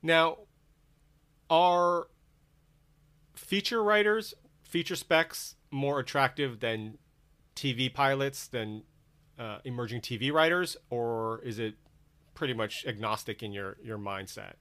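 Bright-toned male interview host. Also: medium pitch, slow, pauses often. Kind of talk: interview questions, reading listener questions.

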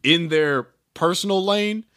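A man co-hosting a casual album review chat, animated and slangy, acting out quotes in funny voices. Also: on the high side, measured pace. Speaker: podcast co-host.

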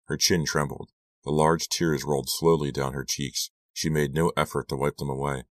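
A man with an extremely deep voice narrates a horror audiobook in a measured, dramatic first-person reading. The sound is close and dry, with no room at all. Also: little pitch movement, no echo. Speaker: audiobook reader.

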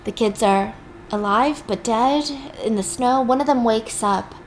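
A woman's voice: on the high side, measured pace, slight background noise. A young woman casually recapping a film story with chatty, sarcastic asides.

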